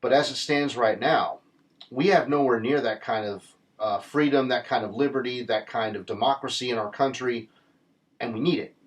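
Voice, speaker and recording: A man's voice: medium pitch, normal speed. Earnest rambling man. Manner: earnest, rambling, with frequent restarts and fillers. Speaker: political commentator. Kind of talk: casual political commentary monologue.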